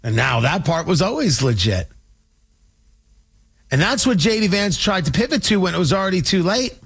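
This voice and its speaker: A man's voice: high-pitched, big pitch swings, moderate pace, a bit bright, breathy edge. Guy doing a political rant, sarcastic, voice jumps all over the place. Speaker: political commentator. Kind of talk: opinionated political monologue.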